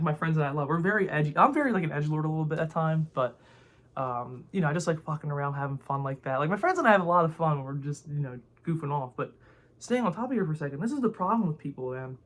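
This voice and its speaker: A man's voice: a little high, a bit bright. A young man ranting to camera in a rambling, heated way, full of filler words and swearing. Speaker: vlogger. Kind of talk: casual opinion rant to camera.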